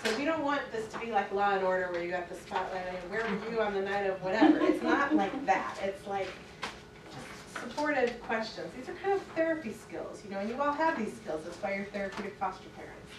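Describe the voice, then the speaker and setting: A woman leading a parent training session, lively and laughing often as she acts out quotes. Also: medium pitch, brisk, crowd noise. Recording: echoey room from far off, noisy.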